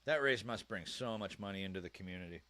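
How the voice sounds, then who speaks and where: Chatty Canadian man, lowish voice. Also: quick pace, bright, forceful tone. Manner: chatty and candid, thinking aloud. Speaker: livestream reactor. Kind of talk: casual live reaction chat.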